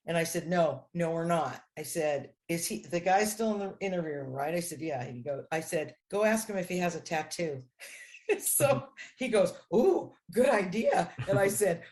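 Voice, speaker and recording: A woman with a slightly low voice tells a story as a podcast guest. She acts out the dialogue with lively voices as she goes. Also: moderate pace. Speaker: crime analyst guest.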